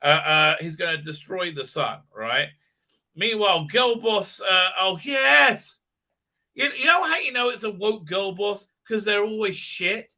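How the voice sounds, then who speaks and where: A man hosting a live stream, ranting profanely and mocking characters in squeaky put-on voices. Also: animated, a little slow, sharp tone. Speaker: show host.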